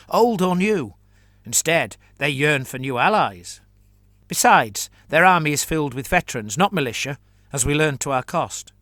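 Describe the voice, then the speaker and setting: A man voicing a sarcastic, confident male mercenary chancellor with a brisk, dismissive manner. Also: fairly high pitch, fairly bright tone, no echo, studio quality, voice pushed up.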